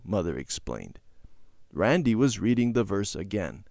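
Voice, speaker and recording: A man reading a children's Bible story aloud in a gentle, clear storytelling manner. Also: lowish voice, sing-song, unhurried, no echo, studio quality.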